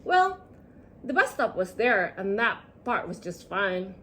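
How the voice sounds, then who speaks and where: Expressive woman reading a storybook. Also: medium pitch, takes it slowly, a little hiss or hum. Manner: sing-song, expressive. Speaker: storybook reader. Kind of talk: children's storybook read-aloud.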